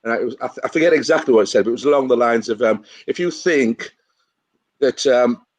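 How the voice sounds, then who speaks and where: A man's voice: mid-range voice, fast talker. Cheeky joking man. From England. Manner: cheeky, joking, laughing through his stories. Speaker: guest, fan taking over the show. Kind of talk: casual banter on a video call.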